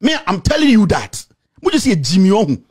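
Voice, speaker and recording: A man with a Ghanaian accent delivering an angry, insulting rant to the camera, repeating himself and shouting. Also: sits high, wildly swooping pitch, fast, slightly rough. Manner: shouting, insulting, repetitive tirade. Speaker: political commentator.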